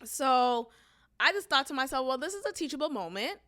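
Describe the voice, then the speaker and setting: Bright, animated young woman telling a story. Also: high voice, fairly quick. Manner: animated, laughs often, acts out quotes. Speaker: podcast host. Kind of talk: casual storytelling.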